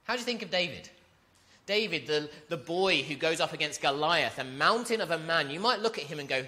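Man, preacher, bright tone, earnest, rhetorical questions, emphatic rises. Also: fairly high pitch, lively intonation, fairly quick. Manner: earnest, rising to loud emphatic peaks; asks the congregation rhetorical questions. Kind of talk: sermon.

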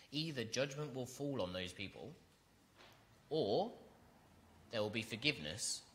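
A man's voice: mid-range voice, a bit bright, a little hiss or hum. A man preaching an earnest sermon, reading scripture and building to emphatic repetition.

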